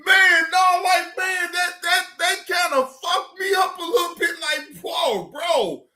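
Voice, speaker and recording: A livestream reaction host ranting at a viewer in the chat, profane and heated, often breaking into shouts and repeating dismissive goodbyes. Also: extremely high pitch, takes it slowly. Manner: repetitive dismissive sign-offs.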